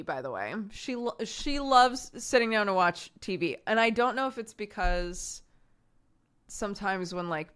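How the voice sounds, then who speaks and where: Lively bright-voiced woman streamer. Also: on the low side, clear, resonant tone. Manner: animated, laughs often, voices family members in quotes. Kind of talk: casual storytelling chat.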